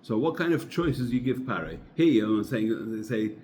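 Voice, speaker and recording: Informal Torah teacher, male, mid-pitched, chatty storyteller, faint background hiss. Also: expressive, moderate pace, darkish tone. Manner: conversational storyteller, sprinkles religious terms. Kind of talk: informal Torah talk with parable.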